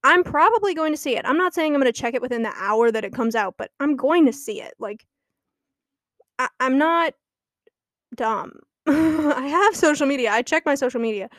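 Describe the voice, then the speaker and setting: A woman's voice: high voice, animated, moderate pace, fairly bright tone, no echo, clean studio sound. A young woman hosting her own podcast, chatting casually and gossiping, often laughing as she talks. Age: young adult. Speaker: podcast host. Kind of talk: casual chat.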